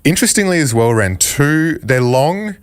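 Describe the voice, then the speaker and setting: A man co-hosting a finance podcast, relaxed and blunt, laughing often. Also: fairly high pitch, moderate pace, smooth, no room sound. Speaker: podcast co-host. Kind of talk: casual chat.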